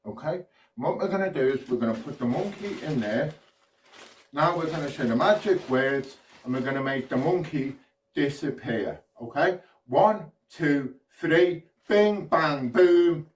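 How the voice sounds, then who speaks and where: A man from the UK performs a magic routine for kids, with slow, playful patter and counting along. He sounds set back from the microphone in an echoey room. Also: mid-range voice, recorded from a distance, slight background noise.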